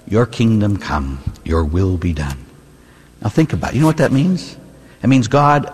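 Husky-voiced priest preaching with lively swings. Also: male voice, lowish voice, in a large hall. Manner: conversational preaching with rhetorical questions. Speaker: Catholic priest. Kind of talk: sermon. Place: church.

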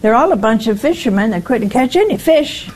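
A woman's voice: fairly high pitch, expressive, fairly quick, darkish tone, a little hiss or hum, low-quality recording. An older woman giving an informal, folksy sermon, often stopping to ask "see?" and putting questions to her listeners. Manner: folksy, keeps asking "see?". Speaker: preacher.

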